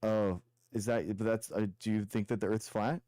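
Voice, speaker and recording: A man's voice: lowish voice, little pitch movement, normal speed, mellow, no echo. A young man hosting a live stream, arguing with a caller in a combative, mocking way and repeating taunts. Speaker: show host debating callers. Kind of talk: heated live-stream debate.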